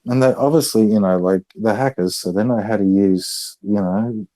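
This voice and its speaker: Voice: sits low, moderate pace, mellow. A podcast co-host in laid-back, slangy casual chat with a playful manner.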